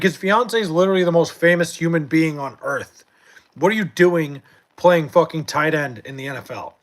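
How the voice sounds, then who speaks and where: This young livestream host, whose voice runs a bit high, is reading chat from home late at night. His sports talk is loose and profane, full of fillers, restarts, and tangents.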